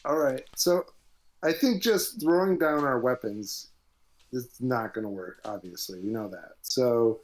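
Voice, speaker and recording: A man's voice: medium pitch, lively intonation, a little slow, low-quality recording. A man playing in a tabletop game, hesitant and weighing options aloud. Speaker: player. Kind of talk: casual tabletop game chat.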